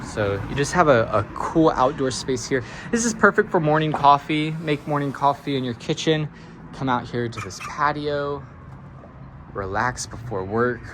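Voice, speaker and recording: A man's voice: medium pitch, moderate pace, background noise. A man working as a real estate agent, walking through an empty house and narrating the tour in a chatty, upbeat way with jokey asides.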